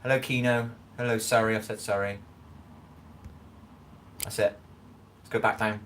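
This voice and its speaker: A man from Scotland rambles through a casual live-stream chat in his home kitchen, often checking that viewers follow with "do you know what I mean." His voice is on the low side and a bit bright, with little pitch movement and a normal pace; a little hiss or hum comes through.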